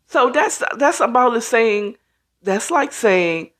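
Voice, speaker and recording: Woman host, casual monologue, slow and emphatic, lively pitch swings. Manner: emphatic, conversational, acts out quoted reactions. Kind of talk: casual talk show monologue.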